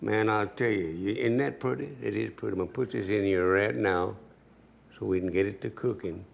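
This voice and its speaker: A man's voice: lowish voice, fairly quick, creaky. A man giving a cooking demonstration as a home cook, folksy and chatty, talking straight to the viewer.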